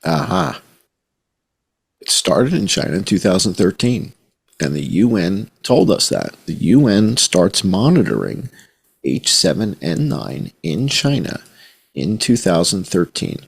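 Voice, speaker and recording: A man, a journalist guest on a podcast, talking in an animated, conspiratorial storytelling way and swearing casually. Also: deep voice, measured pace, gravelly, husky. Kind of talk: podcast conversation.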